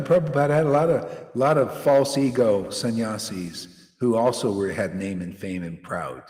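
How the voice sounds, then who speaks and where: A man's voice: on the low side, normal speed, hardly any pauses, darkish tone. Fiery preacher man in an echoey hall. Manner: confrontational, rambling, keeps saying "see" and "man". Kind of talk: informal devotional sermon. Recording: echoey hall with long reverb.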